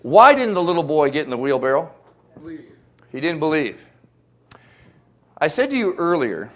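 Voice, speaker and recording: A man giving a motivational speech, with animated storytelling and rhetorical questions. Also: on the high side, moderate pace, pauses often. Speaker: motivational speaker.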